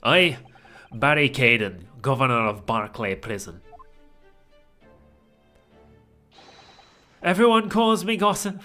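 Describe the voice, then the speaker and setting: A man voicing a gossipy, jaunty older male prison governor, high and bouncy. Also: very animated, normal speed, bright, forceful tone, faint music behind.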